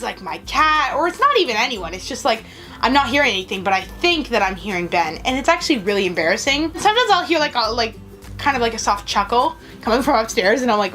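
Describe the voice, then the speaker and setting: Woman vlogger, animated pitch, chatty storytelling, soft music underneath. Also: quick pace. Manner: chatty, storytelling, frequent "like" fillers. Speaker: vlogger host. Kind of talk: casual chat answering viewer questions.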